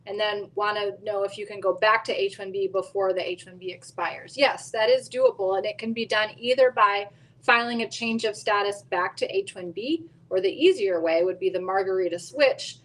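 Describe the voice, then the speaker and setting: A woman co-hosting a live Q&A show, explaining answers clearly and step by step. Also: medium pitch, moderate pace, a bit bright, poor audio. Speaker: immigration attorney and co-host.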